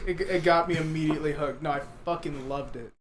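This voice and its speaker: A man's voice: a little high, fast. A man in a casual podcast chat, laid-back and enthusiastic. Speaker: podcast guest.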